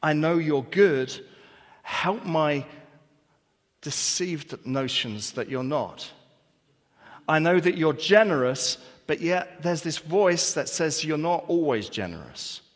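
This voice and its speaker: A man's voice: fairly high pitch, animated, slow. A man preaching a sermon as pastor, earnest, with rhetorical questions and repetition. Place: church hall. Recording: long church reverb.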